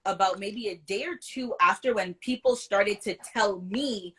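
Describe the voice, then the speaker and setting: Husky woman telling her story. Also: medium pitch, unhurried. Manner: animated, laughs often, says "right?". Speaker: interview guest, nonprofit founder. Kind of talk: casual storytelling.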